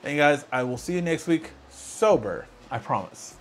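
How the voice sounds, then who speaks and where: A man's voice: fairly high pitch, expressive, moderate pace, soft background music. A tipsy man hosting a live tech show, slurring his words and hiccuping as he chats with viewers. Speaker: host.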